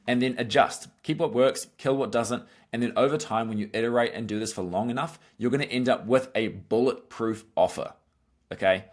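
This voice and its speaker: A man giving an instructional marketing lesson, brisk and emphatic, often checking in with "right?" and "okay?". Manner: acts out sales pitches in quotes. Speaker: marketing coach. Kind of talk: instructional talk to camera.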